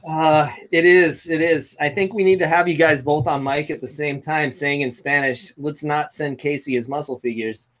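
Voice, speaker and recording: Guy cohosting a wrestling show, swears a lot, joking around, voice on the higher side. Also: steady tone, normal speed, hardly any pauses, fairly bright tone. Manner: crude, joking, profane. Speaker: podcast co-host. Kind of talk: casual banter.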